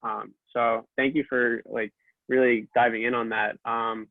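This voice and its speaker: A man hosting an interview, asking questions in a relaxed way with lots of fillers. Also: mid-range voice, a little slow, dry recording. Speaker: interview host. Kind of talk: casual interview. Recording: tinny dry phone-like line.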